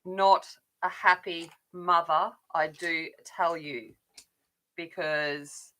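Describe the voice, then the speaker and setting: A woman's voice: fairly low pitch, steady tone, very slow, bright, forceful tone, a little hiss or hum. A middle-aged woman chatting casually while colouring, rambling along with frequent restarts. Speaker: adult colouring channel host.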